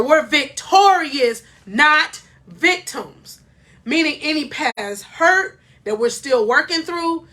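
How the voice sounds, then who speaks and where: Bright, high-voiced woman coaching. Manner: emphatic, preachy, addresses viewers as y'all. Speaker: life coach. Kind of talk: faith-based motivational talk to camera.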